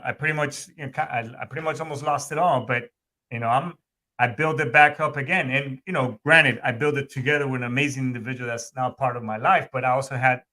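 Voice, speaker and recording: A man's voice: mid-range voice, sharp tone. A man in casual podcast chat, rambling with frequent restarts and blunt profanity.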